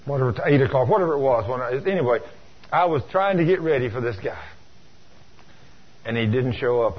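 Husky folksy male preacher. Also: mid-range voice, animated, a little fast, long pauses, muffled recording. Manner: folksy, acts out dialogue. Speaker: preacher, church deacon. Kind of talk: storytelling sermon.

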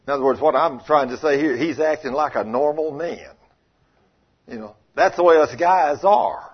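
A man preaching a sermon, telling folksy stories and acting out the people in them, swinging from loud rebukes to quiet asides. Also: on the high side, normal speed, breathy edge. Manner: folksy, acts out quoted voices, shifts between loud rebukes and quiet asides. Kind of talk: sermon with storytelling. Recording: muffled lo-fi sermon recording.

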